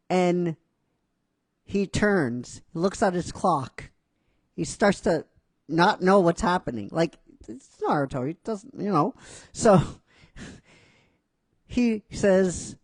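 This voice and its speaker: A man's voice: a little high, no echo. A man casually narrating a fan-written story, chatty and rambling with many fillers.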